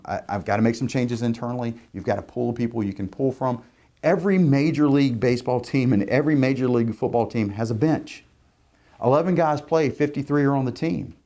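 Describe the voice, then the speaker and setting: A man's voice: medium pitch, darkish tone. A man telling a heartfelt story about hiring while promoting his recruiting firm. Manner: earnest, storytelling, repeats words. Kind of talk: promotional talk to camera.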